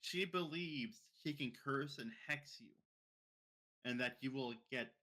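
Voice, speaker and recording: A man's voice: medium pitch, a little slow, bright, forceful tone. A young man co-hosting a podcast, telling a scary story in a rambling way, often repeating himself and restarting. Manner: rambling, repeats words and restarts, mimics others' speech. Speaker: podcast co-host. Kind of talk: casual storytelling.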